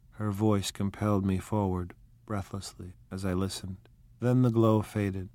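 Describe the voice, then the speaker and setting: Soft, low-voiced male audiobook narrator. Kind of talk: scripted narration.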